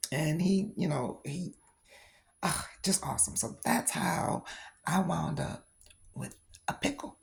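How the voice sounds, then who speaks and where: Middle-aged lady vlogging about her reborn dolls, super low voice with a gravelly edge, laughs a lot. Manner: animated storytelling, laughs often. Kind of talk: casual storytelling vlog.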